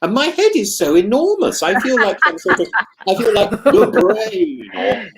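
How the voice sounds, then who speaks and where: A man's voice: high-pitched, very animated, moderate pace, gravelly, over a noisy crowd. A man co-hosting a podcast in a casual, playful chat, often stammering and repeating words. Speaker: podcast co-host.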